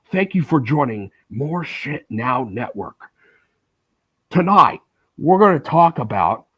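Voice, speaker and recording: Guy doing a sneering news anchor voice, pitched way up, slow and hammy. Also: breathy edge, no echo, muffled recording, heavily acted. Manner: exaggerated, mocking, drawn-out delivery. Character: smug, sneering male cable news anchor.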